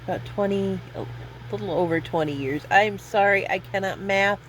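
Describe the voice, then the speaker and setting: A woman's voice: medium pitch, normal speed, slight background noise, low-quality recording. A woman in her fifties telling rambling personal stories in a casual vlog, self-deprecating and laughing often. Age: 50s. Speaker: vlogger.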